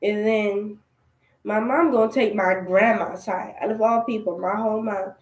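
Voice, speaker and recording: A woman's voice: mid-range voice, steady tone, normal speed. A young woman in her teens recounting a personal story in a conversational, aggrieved way for a storytime vlog. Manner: aggrieved, conversational retelling with quoted dialogue. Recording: echoey room.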